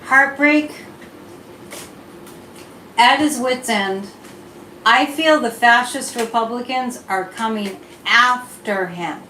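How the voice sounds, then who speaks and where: A woman's voice: on the high side, slow pace, long pauses, bright, forceful tone, slight background noise. Chatty woman host in an echoey room. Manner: chatty, drifting off topic, reading chat comments aloud. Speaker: psychic livestream host. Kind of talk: casual live-stream chat with tarot reading.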